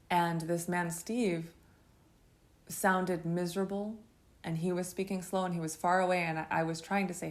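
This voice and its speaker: A woman speaks in a low, gravelly voice full of vocal fry. She tells her own story in a halting, intense monologue. She pauses and restarts often as she recounts it. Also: fairly even intonation. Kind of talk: first-person testimony monologue.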